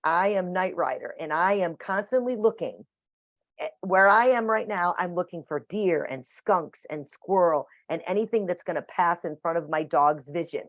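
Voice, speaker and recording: A woman's voice: lowish voice, no room sound. A woman teaching a dog training class over a video call, chatty and matter-of-fact. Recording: dull dry video call audio.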